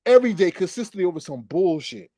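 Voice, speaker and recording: A man's voice: sits high, very animated, quick pace, dark tone, no room sound, studio quality. A man hosting a livestream, angrily ranting in a profane, repetitive way. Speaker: livestream host. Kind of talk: heated livestream rant.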